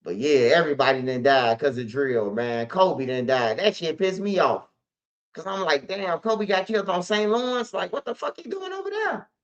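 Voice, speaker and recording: A man's voice: on the high side, fairly bright tone. A man, a show host telling stories in a casual monologue, heavy on street slang and "bro". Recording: slightly dull lo-fi audio.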